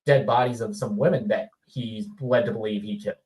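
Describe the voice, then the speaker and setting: A man who guests on a podcast, discussing a movie in casual chat and laying out his points in a measured, analytical way. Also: fairly low pitch, steady tone, a little mellow, echoey room, low-quality recording.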